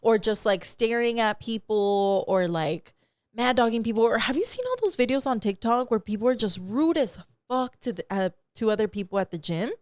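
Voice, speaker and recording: A woman's voice: on the high side, animated, normal speed, no room sound. A woman co-hosting a podcast, chatting casually, laughing and swearing freely, mixing in Spanish words. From California. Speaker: podcast co-host. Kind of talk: casual chat.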